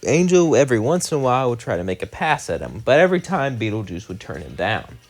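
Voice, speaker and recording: A young channel host narrates a piece of fan fiction in a sing-song, mid-range voice at a quick pace, with soft music behind him. The story flows in loose run-ons tied together by "as" and "would say," and he closes with a chatty, filler-heavy, rambling outro.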